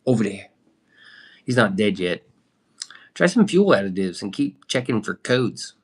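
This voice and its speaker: A man's voice: lowish voice, sing-song, measured pace, husky. A young man chatting loosely on a livestream, swearing now and then and answering viewer comments. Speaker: livestream host. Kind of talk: casual livestream chat.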